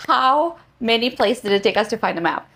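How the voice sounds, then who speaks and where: A woman co-hosting a podcast, chatting casually and telling stories in an animated way. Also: fairly high pitch, brisk. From Albanian background. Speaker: podcast co-host. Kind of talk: casual chat.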